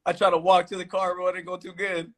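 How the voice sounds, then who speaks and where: Guy rattling off a story super quick, kinda high voice, swearing a lot, acts out all the quotes. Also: crowd noise. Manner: profane, animated storyteller acting out quotes. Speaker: guest fighter. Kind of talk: casual chat, storytelling.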